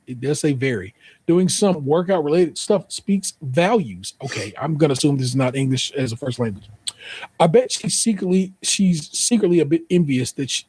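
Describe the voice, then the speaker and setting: Husky American man, podcast host, reads a post then jokes with profane comments, dry close mic. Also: a little high, warm tone, no room sound. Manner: profane, joking, spells out misspellings. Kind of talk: casual reading of an online post with commentary.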